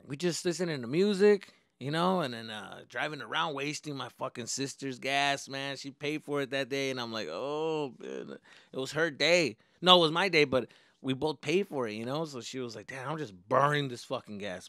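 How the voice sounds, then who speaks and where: A young man from Arizona hosts a podcast, telling a story in an animated, loose style full of slang and profanity, acting out what people said. His voice is mid-range at a normal speed, recorded in studio quality with no echo.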